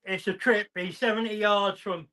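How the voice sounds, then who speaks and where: A man with a fairly high voice calls the play on a live football stream. He is measured, stumbling over words with frequent hesitations as he explains what happened. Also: steady tone, bright, forceful tone. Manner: describes the play, hesitant with many "uh"s. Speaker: co-host giving play-by-play. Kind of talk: live football commentary chat.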